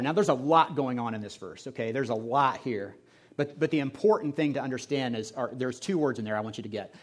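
A middle-aged male pastor from Indianapolis delivers a sermon in a relaxed, storytelling manner. His mid-range voice often sinks to a quiet, hushed level, with plenty of fillers along the way. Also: mid-range voice, fairly quick. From Indianapolis, USA. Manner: conversational storytelling, often dropping to a soft, hushed tone.

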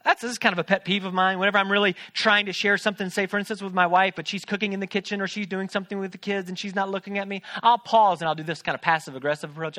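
A pastor in his thirties preaches from a church stage, his voice sitting high and steady with a sharp tone. He speaks rapid-fire with hardly any pauses, joking conversationally and asking the congregation questions.

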